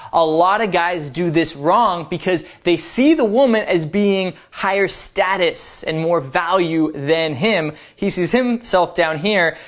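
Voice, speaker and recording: A man giving dating advice as a coach, explaining in a playful, upbeat way. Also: sits high. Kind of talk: instructional talk to camera.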